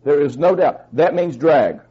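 A man's voice: a little slow, breathy edge, muffled recording. A man preaching a sermon with a fervent, emphatic delivery, putting questions to the congregation and speaking. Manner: fervent, emphatic, rises in pitch when stressing points.

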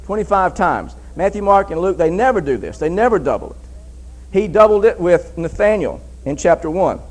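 High-voiced emphatic preacher. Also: male voice, expressive, normal speed, a little mellow, poor audio. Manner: emphatic, repeats phrases, reads scripture aloud. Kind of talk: sermon.

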